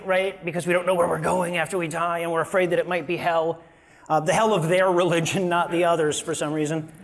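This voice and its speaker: A man giving a joking, self-deprecating stand-up style talk from a live stage as a guest speaker. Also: high-pitched. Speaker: guest speaker, activist and podcaster. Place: live stage before an audience.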